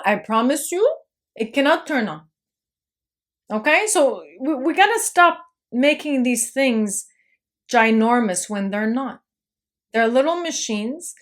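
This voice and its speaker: A woman with a high voice speaks in an unscripted, casual monologue. She reassures and insists, stumbling over restarts and checking in with "okay?" and "right?" all the time. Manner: reassuring, repetitive, lots of "trust me" and "okay?"; frequent restarts and stammered repeats. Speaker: video host.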